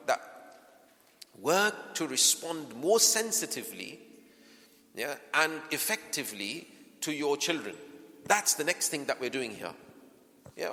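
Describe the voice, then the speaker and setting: A man giving a parenting workshop in a mosque hall, often asking his audience rhetorical questions. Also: on the high side. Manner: softens into gentle acted lines to a child. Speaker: workshop speaker. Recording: long hall reverb.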